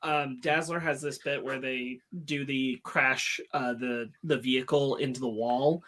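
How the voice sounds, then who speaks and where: A man co-hosting a casual podcast chat, hesitant with many fillers and dropping deadpan jokes. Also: medium pitch, unhurried. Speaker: podcast co-host.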